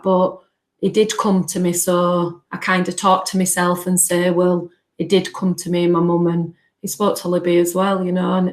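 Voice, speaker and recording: A woman telling her story as a guest on a podcast, in an earnest, halting way. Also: on the low side, reverberant, low-quality recording. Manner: earnest, halting, acts out remembered dialogue. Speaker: guest, bereaved mother. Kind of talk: personal storytelling in a podcast interview.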